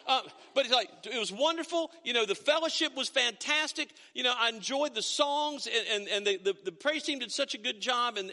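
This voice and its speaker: A middle-aged man preaching a sermon, his voice pitched high and ringing bright. He talks in a folksy, storytelling way, often stopping to restart a phrase. His words trail into a long reverberation around the church. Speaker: pastor. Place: church sanctuary.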